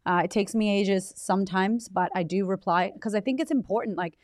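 A woman's voice: mid-range voice, brisk, darkish tone, no echo, studio quality. Teary, swearing woman podcast host. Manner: emotional, swears freely, gushing. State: teary, close to crying. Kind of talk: heartfelt casual monologue.

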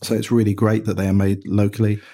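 A man with an English accent telling animated stories in a casual interview, with frequent restarts. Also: lowish voice, quick pace. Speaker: watch company co-founder, guest.

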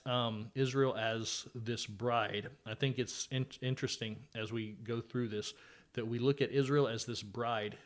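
A man hosting a podcast, chatting casually about scripture with a guest, conversational and sometimes sarcastic. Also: medium pitch. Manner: conversational, with fillers and dry sarcasm. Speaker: podcast host. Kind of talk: casual Bible study chat.

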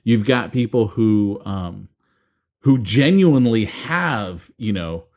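A man's voice: on the low side, expressive, takes it slowly, darkish tone. A man co-hosting a podcast in casual chat, bantering and rambling on as he makes his points. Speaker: podcast co-host.

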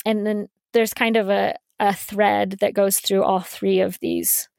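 A woman hosting a talk podcast in a relaxed, conversational way, full of "you know" and "like" and the odd light laugh. Her voice sits at a middling pitch and is recorded close and dry, with no room sound. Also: a little slow, vocal fry, no echo. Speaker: podcast host. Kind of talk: casual discussion, reading quotes aloud.

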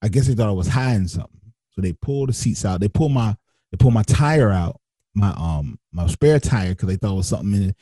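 A man's voice: expressive, quick pace, warm tone, breathy edge, no room sound. A man, a teacher, recounting a personal story as an interview guest. He acts out other people's lines and restarts often as he talks. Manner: acts out others' lines with big pitch jumps, frequent restarts and slang. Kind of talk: animated storytelling.

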